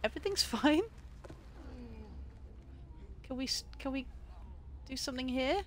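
A woman streaming a game late at night from home, excitable, giggly and sweary as she commentates. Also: high voice, unhurried, pauses often, a little hiss or hum. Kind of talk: live gameplay commentary.

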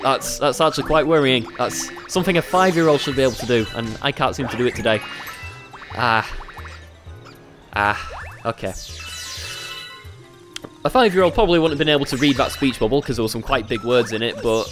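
A man's voice: mid-range voice, over music. A man casually commenting on his video game playthrough, rambling and poking fun at himself. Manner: rambling, self-mocking, quick to laugh. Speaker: let's play host.

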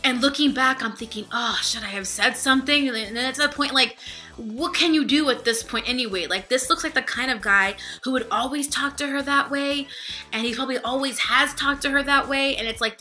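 A young woman tells a rambling storytime vlog with a very bright, lifted voice. She swears freely and acts out everyone she quotes. Soft music runs underneath. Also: a little high. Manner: animated, profane, acts out quotes. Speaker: vlogger.

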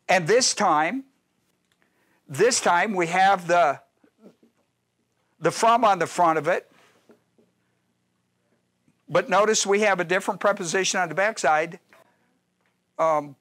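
Slow, emphatic high-voiced pastor. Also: male voice, a bit bright, no room sound. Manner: repetitive, emphatic, checks with the audience. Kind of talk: verse-by-verse Bible teaching.

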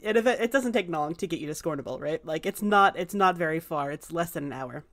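A woman's voice: low-pitched, expressive, fairly quick, a bit bright. A woman narrating as game master in a casual way, with frequent filler words.

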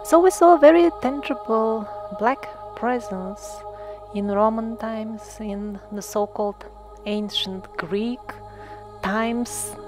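Earnest high-voiced woman narrating. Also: takes it slowly, music in the background. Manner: earnest, explanatory, with frequent "uh" hesitations. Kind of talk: monologue narration.

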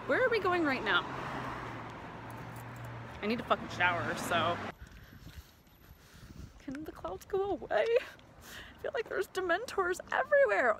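A young woman vlogging from her messy bedroom, rambling and blunt, swearing without a second thought. She fills her pauses with ums and talks straight into a phone camera held close. A faint hiss runs under her voice. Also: medium pitch, fairly bright tone. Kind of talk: casual vlog chat.

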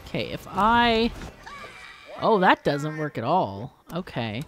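A woman's voice: low voice, sing-song, slow pace, slight background noise. A woman hosting a let's play, thinking aloud as she works through a puzzle game, muttering and exclaiming. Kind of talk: thinking aloud while gaming.

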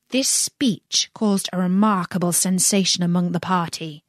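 A woman narrating a children's classic as a storybook reading, expressive and deliberate. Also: on the low side, no echo, clean studio sound.

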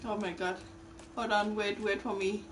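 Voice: medium pitch, level tone, normal speed, noisy background. A streamer commenting live while playing a game, exclaiming and swearing constantly. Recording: roomy, far from mic, loud game music. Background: loud game music.

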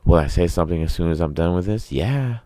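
A man's voice: low voice, expressive, quick pace, mellow, a little hiss or hum. A man hosting his own podcast, ranting sarcastically and answering his own questions. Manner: sarcastic, asks himself questions and answers them. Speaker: podcast host. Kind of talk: casual ranting monologue.

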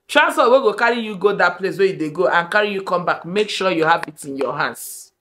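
A young woman with a Nigerian accent, telling a personal story to camera in an animated, dramatic way. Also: on the low side, brisk, slight background noise. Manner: animated, dramatic storyteller, shifting between loud and hushed. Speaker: vlogger. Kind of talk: storytime monologue.

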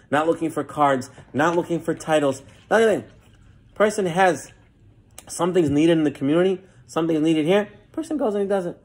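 A man giving a sermon as a rabbi, telling stories and acting out the quoted lines. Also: slightly rough. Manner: storytelling with lively acted quotes and frequent rises in pitch.

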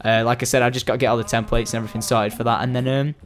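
A young Scottish man giving casual, excitable commentary while playing a building game, chatting to viewers and the animals. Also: medium pitch, very fast, soft background music. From Scotland. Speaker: gaming commentator.

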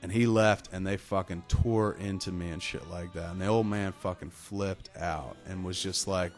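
A man with a lowish voice spins a rambling, profane anecdote on a casual podcast. He talks loosely and swears freely. Faint music sits underneath. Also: huge pitch swings, fairly quick, few pauses. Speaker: podcast co-host. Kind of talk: casual chat, storytelling.

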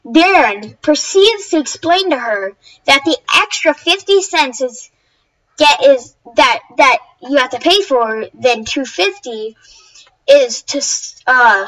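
Woman w a high voice rambling thru a story for her channel, lots of restarts. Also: expressive, slow pace, fairly bright tone, low-quality recording. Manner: rambling, many restarts and self-corrections. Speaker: YouTuber. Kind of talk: casual storytelling to camera.

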